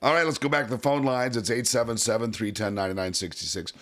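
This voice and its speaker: A man's voice: medium pitch, brisk, fairly bright tone. A middle-aged man hosting a talk radio show, chatting casually and giving his opinions.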